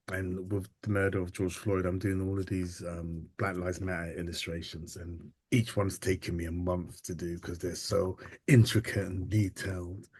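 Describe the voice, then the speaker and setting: Brief: male guest, very deep voice, dry close mic, thoughtful and halting. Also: no room sound. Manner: halting and reflective, many ums and restarts. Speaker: interview guest, photographer and artist. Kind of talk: casual interview storytelling.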